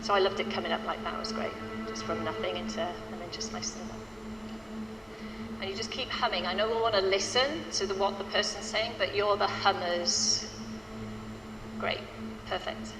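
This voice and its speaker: A woman's voice: mid-range voice, normal speed, over music. A woman choir director giving upbeat, chatty instructions to her choir at a rehearsal in a hall. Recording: echoey hall with faint ambient noise.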